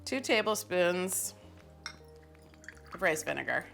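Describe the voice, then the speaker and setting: A woman's voice: lowish voice, very animated, slow, creaky, a bit bright, faint music behind. Chatty, self-mocking woman cooking on camera. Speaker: cooking show host. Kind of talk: casual cooking demonstration. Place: kitchen.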